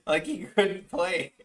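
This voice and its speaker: Bright-voiced young man, rambling and profane. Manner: rambling, profane, mimics people in squeaky voices. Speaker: animator streaming his work. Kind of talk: casual storytelling chat while drawing. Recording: voice a bit far from the mic, faint music behind.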